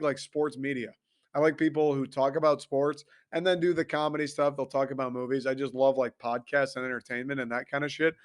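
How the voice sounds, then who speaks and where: A young man in his twenties hosting a casual sports podcast, ranting, swearing and laughing as he goes. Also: medium pitch. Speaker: podcast host.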